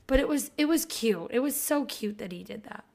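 A woman in her thirties, a mother of four, chatting casually as a podcast co-host and telling lively stories while swearing now and then. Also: on the high side, brisk, gravelly. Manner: animated storyteller, swears casually. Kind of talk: casual chat.

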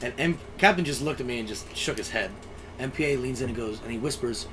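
A man's voice: medium pitch, quick pace, noisy background. A young man co-hosting a podcast, telling crude, self-mocking stories in casual chat. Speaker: podcast co-host, sailor.

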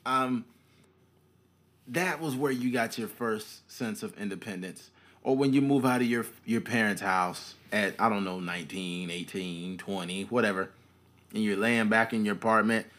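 A man's voice: lowish voice, moderate pace. A young man, a podcast co-host, chatting casually and acting out the people in his stories. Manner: animated storyteller, acts out quotes. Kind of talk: casual chat.

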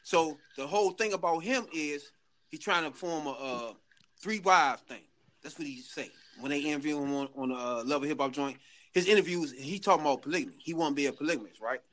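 A man telling a story in casual chat, animated and laughing, full of slang. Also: a little high, fairly quick.

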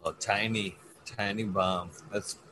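A man in relaxed casual chat with a slow, drawling delivery. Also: on the low side. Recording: noisy background.

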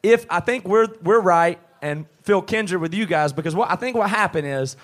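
A high-voiced man from the southeastern US rants in a Southern accent at normal speed, co-hosting a live podcast in front of a crowd. He's on a pub stage with a handheld mic, delivering an animated comic riff.

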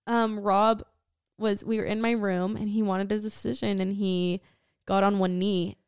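A young woman chatting on a podcast, her voice smooth and resonant, recorded close and dry. She tells a long personal story in a loose, filler-heavy way, often trailing off into a quiet low voice. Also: flat delivery, measured pace, no room sound. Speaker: podcast co-host. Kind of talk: casual chat.

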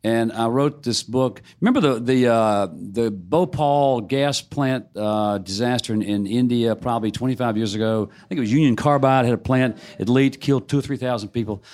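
A man's voice: mid-range voice, moderate pace, few pauses, a little mellow. A middle-aged man, a novelist telling wry, self-deprecating stories in a casual onstage conversation. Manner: wry storytelling, laughs at himself. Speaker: novelist on a panel.

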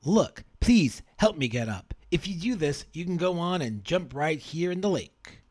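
A feverish dying gangster drawls in a high, sing-song Southern voice, as a man puts him on, rambling and halting through broken thoughts. The swoops in pitch are wide and lively. The sound is close and dry. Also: dry recording. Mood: pleading. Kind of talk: playful dramatic reading.

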